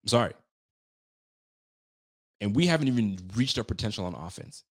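A man's voice: on the low side, lively intonation, normal speed. A man hosting a casual sports talk show, ranting emphatically, trash-talking and often repeating himself.

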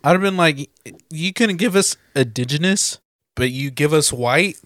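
A man's voice: a little high, normal speed, a bit bright, no room sound, studio quality. A man joking and reacting in profane banter among friends.

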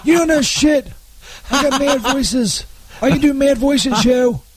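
A man in a comedy sketch who stammers and trips over his words, swearing a lot as he argues. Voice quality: high-pitched, stammering. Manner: halting, stumbling over words, profane. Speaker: comedy show regular playing Saint Peter.

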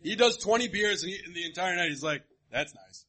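A man's voice: high voice, quick pace, bright, forceful tone. A man on a live podcast, ranting sarcastically and swearing in casual chat. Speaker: podcast co-host.

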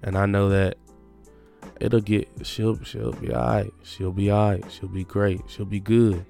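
Halting young man, low voice. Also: level tone, vocal fry, mellow, soft background music. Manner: halting, reflective, restarting sentences. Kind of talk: emotional personal confession.

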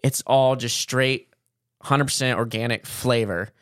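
A man's voice: steady tone, unhurried, a bit bright, dry recording. Podcast co-host, male, casual with a salesy upbeat read; mid-range voice, dry room. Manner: chatty, upbeat salesy pitch. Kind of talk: casual chat and sponsor read.

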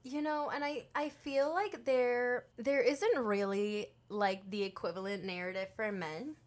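A young woman co-hosting a casual chat, an expressive storyteller who laughs often. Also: on the high side, unhurried. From Mexican heritage.

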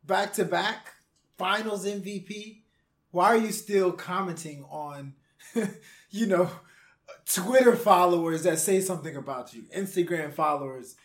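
A man's voice: sits high, measured pace, a bit bright, echoey room. A man co-hosting a music podcast in casual chat, building his points reflectively with frequent "you know". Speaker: podcast co-host.

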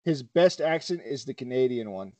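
A man's voice: mid-range voice, expressive, moderate pace, crowd noise. A man hosting a casual podcast, teasing his co-hosts and laughing often as he steers toward the news. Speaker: podcast host leading the segments.

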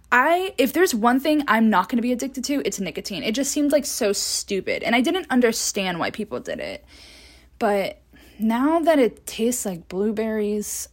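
A woman in her twenties hosting a podcast, rambling through casual stories with laughs and casual swearing, recorded on a phone. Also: on the high side. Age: 20s. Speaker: podcast host. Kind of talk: casual solo chat.

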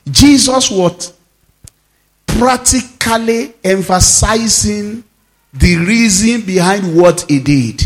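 A man, a pastor preaching a sermon with sudden shouts and low, emphatic drops.

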